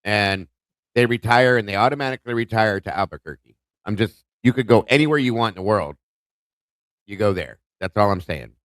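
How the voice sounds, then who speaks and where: This is a low-pitched man hosting a casual live stream, speaking emphatically and addressing his viewers directly. His voice sounds dry and close, with almost no room around it. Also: brisk, dry recording. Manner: emphatic, talks straight to viewers. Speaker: show host.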